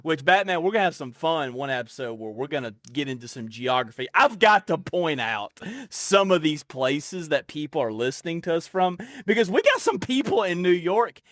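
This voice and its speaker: A man's voice: a little high, very animated, normal speed, hardly any pauses, a bit bright, no room sound, clean studio sound. A man with a Southern accent hosting a casual podcast, talking loosely with lots of laughs and folksy fillers. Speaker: podcast host.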